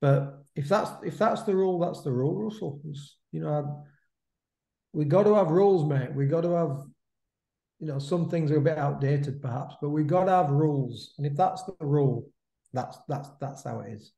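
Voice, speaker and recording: Mellow-voiced man in his fifties. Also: a little high, normal speed, gravelly. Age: 50s. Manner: chatty, repeats himself, drops in "mate" and "isn't it?" tags. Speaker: podcast co-host. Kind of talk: casual chat about boxing. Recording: roomy echo.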